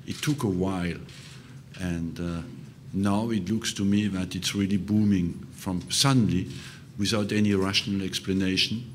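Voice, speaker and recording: An older man, a football manager, answering press questions slowly and hesitantly, with many fillers. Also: low voice, fairly even intonation, slight background noise.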